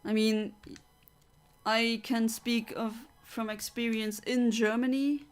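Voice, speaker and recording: A woman's voice: on the high side, little pitch movement, slow, faint music behind. A woman from Luxembourg, chatting casually as a streamer and reading out viewer comments, reflective with frequent fillers and restarts.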